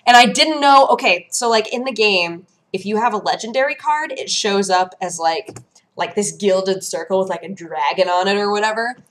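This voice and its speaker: A woman vlog host chatting casually and telling lively stories, acting out her own reactions in hushed voices. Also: medium pitch, normal speed. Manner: animated storytelling, acts out her own quotes in hushed voices. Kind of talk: casual chat.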